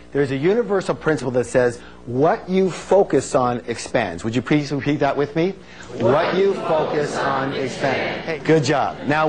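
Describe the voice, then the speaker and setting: A man's voice: a little high, darkish tone, slight background noise. A man with a slightly raised voice leads a live motivational seminar. He speaks emphatically, stacks repeated phrases and peppers the talk with jokes. He keeps quizzing the audience and has them call answers back.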